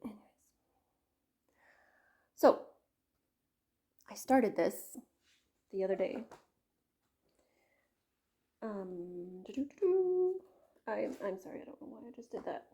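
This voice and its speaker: A woman's voice: medium pitch, unhurried, gravelly, long pauses, mellow. A middle-aged woman from Canada chatting casually to camera about her craft projects, rambling with lots of fillers, asides and self-interruptions. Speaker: craft vlogger.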